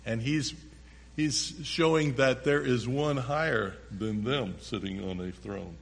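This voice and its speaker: A man's voice: mid-range voice, slow, creaky, big-room sound. A man preaching a sermon, reading a scripture passage aloud and stopping often to explain it in plain words.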